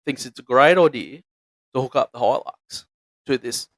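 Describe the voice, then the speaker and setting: An Australian man tells a long, meandering story in casual slang. His voice is mid-pitched. It sits close and dry, with no room sound. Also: normal speed, fairly bright tone, no echo. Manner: rambling yarn-spinning with slang. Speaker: podcast co-host.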